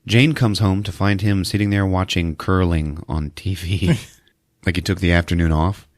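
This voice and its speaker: A man's voice: deep voice, fairly even intonation, moderate pace, no room sound, studio quality. A man hosting a podcast, recapping a movie in a casual way and acting out the lines in put-on voices with frequent laughter. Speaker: podcast host.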